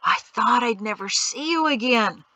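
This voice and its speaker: Brief: earnest male husband and leader, read by a woman narrator, bright clear tone. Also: very high voice, animated, a little slow, no room sound, muffled recording, heavily acted.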